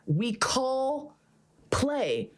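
A woman's voice: high-pitched, very animated, very slow. A woman hosting a podcast, telling a candid story full of swearing and acted-out quotes. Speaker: podcast host. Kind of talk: candid casual chat.

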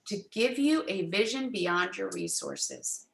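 A middle-aged woman, a guest in an interview, telling a personal faith story in an animated way and acting out the quoted dialogue. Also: medium pitch, takes it slowly, vocal fry, echoey room, rough recording.

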